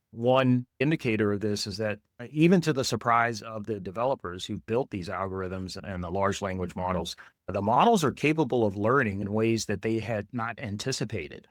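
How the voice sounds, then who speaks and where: A man, a security executive, giving measured and thoughtful answers in an interview. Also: on the low side, no echo, studio quality. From United States. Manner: measured, thoughtful, repeats "I think".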